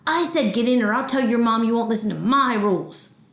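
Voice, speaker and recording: A woman voicing a mean, volatile old grandmother who shouts sharply. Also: medium pitch, big pitch swings, moderate pace, reverberant, close to an everyday voice. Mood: furious.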